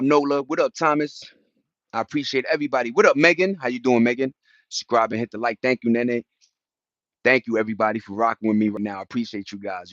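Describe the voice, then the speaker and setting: A man's voice: mid-range voice, no echo, dull audio. A man in his forties from New York with a New York accent, chatting casually on a livestream in streetwise slang and greeting viewers by name. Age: 40s. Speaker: livestream host.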